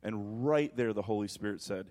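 Speaking at a normal speed, this thirty-something pastor preaches energetically in church. His stories come out animated, while his voice goes quiet and deep each time he quotes God.

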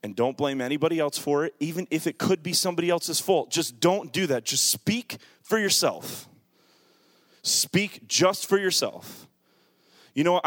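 A man preaching a sermon in a church with a handheld microphone, moving between quiet, reflective passages and loud, fervent calls to his congregation. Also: fairly high pitch, no echo, clean studio sound. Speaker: pastor. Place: church sanctuary.

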